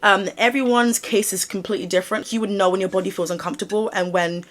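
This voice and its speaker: A woman's voice: mid-range voice, fast. Frank woman vlogger talking to viewers. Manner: frank, animated, talks straight to viewers. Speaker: YouTube commentator. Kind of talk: casual commentary vlog.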